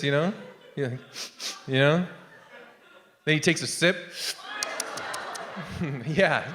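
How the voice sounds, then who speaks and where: A man in his thirties doing a stand-up set on a theatre stage. His voice is high for a man and his delivery rambles, dropping asides to the audience. The sound carries a long, reverberant hall tail. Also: a bit bright, slight background noise. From Canada. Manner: rambling, with trailing asides to the crowd. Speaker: stand-up comedian.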